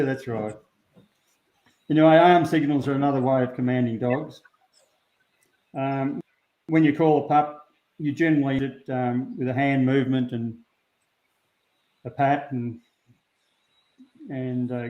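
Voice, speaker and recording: A man's voice: mid-range voice, steady tone. Plain-spoken Australian man, roomy lo-fi sound. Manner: unhurried, plain-spoken, many ums. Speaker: sheepdog handler, guest. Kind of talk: relaxed interview talk.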